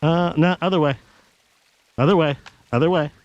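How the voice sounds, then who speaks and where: A man's voice: fairly high pitch, normal speed, darkish tone, no room sound, muffled recording. A man casually narrating while hiking outdoors on a snowy trail, chatting to the camera and giving his dog firm commands, recorded on an action camera. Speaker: hiking vlogger.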